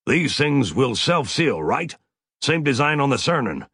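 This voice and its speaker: A man's voice: mid-range voice, very animated, unhurried, fairly bright tone, slightly rough, no echo, pitched above the performer's own voice, full character voice. A man voicing a brash, hotheaded crewman who talks with cocky swagger and taunts. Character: brash, hotheaded male crewman, gun-happy.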